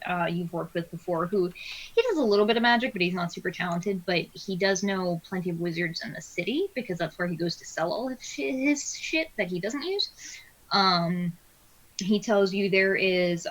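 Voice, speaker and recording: A woman narrating as game master of a tabletop game, pausing often with fillers as she describes places. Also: on the low side, fairly bright tone, poor audio. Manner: hesitant, many filler pauses.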